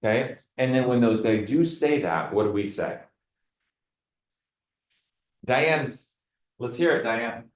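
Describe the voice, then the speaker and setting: A man leading his team in a meeting. He coaches them in a lively way and acts out dialogue with clients. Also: medium pitch, slow, pauses often, reverberant, rough recording. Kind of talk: meeting talk. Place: meeting room.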